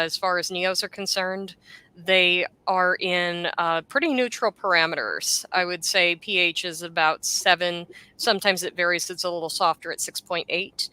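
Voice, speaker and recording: A woman's voice: on the low side, clean tone, no echo. A woman in casual chat, describing the animals she is selling and laughing easily. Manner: chatty, relaxed, laughs easily. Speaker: seller describing her lot.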